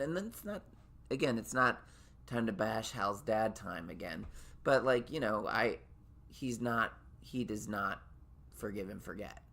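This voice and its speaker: A man's voice: lowish voice, vocal fry, fairly bright tone. A man hosting his own podcast, talking casually in a rambling way with many restarts. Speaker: podcast host. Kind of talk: casual monologue.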